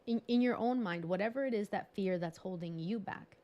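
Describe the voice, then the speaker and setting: Speaking a little fast in a mellow, medium-pitched voice, a woman bilingual in English and Spanish presents a live online workshop by video call. The audio is muffled. She keeps things chatty and encouraging and pokes fun at herself with a laugh.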